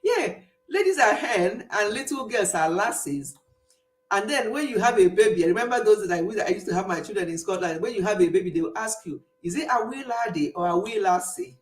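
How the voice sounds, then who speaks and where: A woman's voice: mid-range voice, expressive, a little fast, reverberant, low-quality recording. A middle-aged woman hosting a casual live stream, chatting, reading comments and laughing often.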